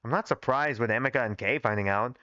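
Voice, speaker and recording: A man's voice: medium pitch, quick pace, sharp tone, no echo, voice pushed down, natural voice. A man voicing a bratty, smug rich girl while reading his own story aloud on a dull, lo-fi stream mic. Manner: smug, taunting.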